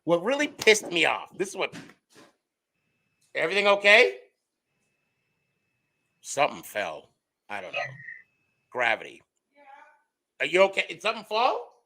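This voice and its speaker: A middle-aged man hosts a podcast in casual chat, telling stories with big swings in loudness and pitch. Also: wildly swooping pitch, unhurried, long pauses, rough recording. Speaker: podcast host.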